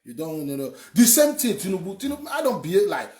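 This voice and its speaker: In an echoey room, a young Nigerian commentator from Edo State speaks fast in a high, very animated, slightly mellow voice. His political commentary runs hot and emphatic, and he rambles, repeats words and swears.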